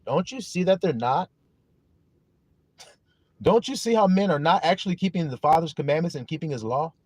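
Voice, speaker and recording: A man preaches on a live stream in a lively, swinging delivery with a fairly high voice. He is emphatic and keeps checking that his listeners follow. The sound is dry and close. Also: normal speed, no room sound. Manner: emphatic, repeats questions to listeners; greets viewers in chat. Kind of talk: livestream sermon.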